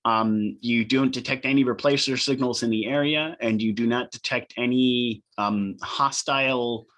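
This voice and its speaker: A man running a tabletop game as game master, narrating in a measured way with frequent pauses. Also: mid-range voice, fairly even intonation, a bit bright.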